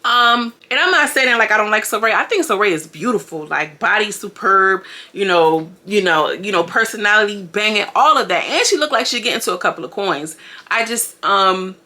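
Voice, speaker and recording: A woman giving a chatty, animated recap of a reality show and talking straight to her viewers. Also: mid-range voice, normal speed. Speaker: reality TV commentator. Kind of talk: casual recap commentary.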